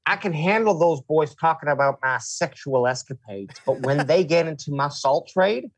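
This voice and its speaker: A man's voice: a little high, expressive, normal speed, no echo. A man putting on the voice of a folksy, indignant older football team owner.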